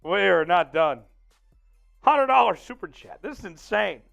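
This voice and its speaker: A man hosting a casual sports livestream, reading out viewer donations, excitable and laughing often. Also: sits high, a little slow, vocal fry, faint music behind. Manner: excitable, reads out super chats, laughs often. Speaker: livestream host.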